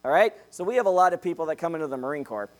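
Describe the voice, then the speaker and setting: A young man preaching a sermon in a jokey, animated way, checking in with "okay?" after each point. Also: a little high, rapid-fire.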